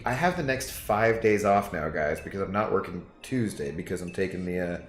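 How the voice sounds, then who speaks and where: Low-voiced man chatting on stream. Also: animated, moderate pace, few pauses. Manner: rambling, talks to chat with fillers. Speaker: game streamer. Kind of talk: casual stream chat. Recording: echoey room, faint music.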